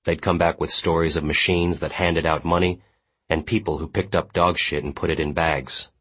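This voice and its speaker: A man narrating literary fiction with a measured, grave delivery. His voice sits extremely low, with a husky, breathy edge. The reading is steady and scripted. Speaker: audiobook narrator.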